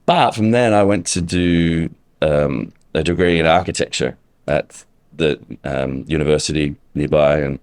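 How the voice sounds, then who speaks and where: Australian man, very deep voice, chatty storyteller, dry sound. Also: a little slow, darkish tone, clear, resonant tone, no room sound. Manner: chatty, self-deprecating storytelling with many ums. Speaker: guest, musical theatre actor. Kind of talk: casual interview chat.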